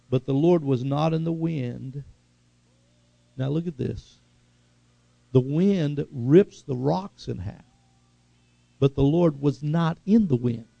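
A man preaching a sermon, swinging from loud, high exhortation to hushed, slow earnestness. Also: vocal fry, no echo, lo-fi sound.

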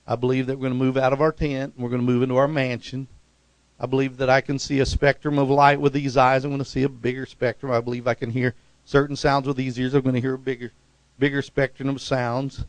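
Middle-aged male preacher, gravelly, dry close sound, animated delivery with loud high bursts. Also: fast talker, dry recording. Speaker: pastor. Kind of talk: sermon.

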